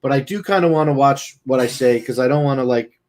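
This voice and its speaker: A man's voice: mid-range voice, fairly quick, a little mellow. A man streaming, talking casually in a blunt, profane, rambling way. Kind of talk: casual talk.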